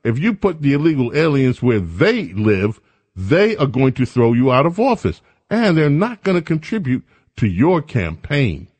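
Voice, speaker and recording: A man's voice: mid-range voice, very animated, normal speed, darkish tone, breathy edge. Sarcastic male commentary host. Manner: sarcastic, mocking, emphatic. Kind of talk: opinion commentary.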